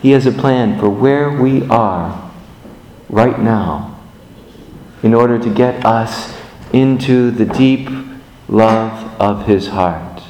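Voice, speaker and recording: A man giving a sermon in an earnest, measured way, repeating lines of prayer. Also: medium pitch, a little mellow, echoey room, big-room sound, low-quality recording.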